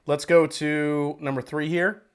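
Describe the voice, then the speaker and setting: A man's voice: a little high, flat delivery, a little slow, clean tone. Chatty man hosting a tasting livestream. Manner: loose, chatty, rambling, swears and laughs easily. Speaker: whiskey reviewer hosting a livestream. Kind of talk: casual livestream tasting chat. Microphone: wireless microphone with battery pack.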